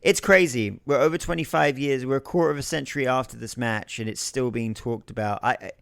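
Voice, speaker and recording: A man's voice: mid-range voice, fairly quick, gravelly, fairly bright tone, dry recording. A man co-hosting a wrestling podcast, telling stories in a casual, chatty watch-along with frequent swearing and restarts. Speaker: podcast co-host.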